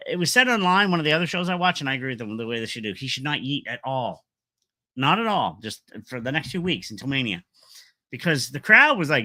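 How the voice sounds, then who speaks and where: A man's voice: mid-range voice, bright, forceful tone, dry recording. A man casually recapping and ranting about a wrestling show, rambling with lots of fillers and strong opinions.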